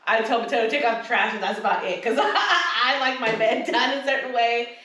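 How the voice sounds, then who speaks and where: A woman co-hosting a casual podcast, rambling through stories and slipping into voices for what others said. Her voice sits a little high. She sounds set back from the mic in an echoey room. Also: a little fast, bright, forceful tone, distant mic. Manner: rambling, acts out quotes. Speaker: podcast co-host. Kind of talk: casual chat.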